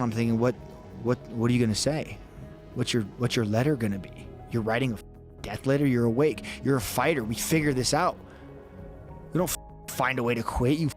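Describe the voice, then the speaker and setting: A man on a podcast retelling a frightening survival story, reenacting his own panic with intense energy. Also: mid-range voice. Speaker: podcast guest. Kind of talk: dramatic storytelling.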